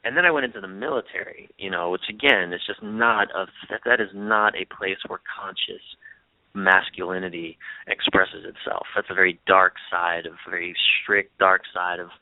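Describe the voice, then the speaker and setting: A man's voice: low voice, fairly even intonation, moderate pace, no room sound. A man, a guest author and coach, talking earnestly in an interview and often restarting his words. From United States. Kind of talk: reflective interview talk. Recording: dry, phone-like narrow sound.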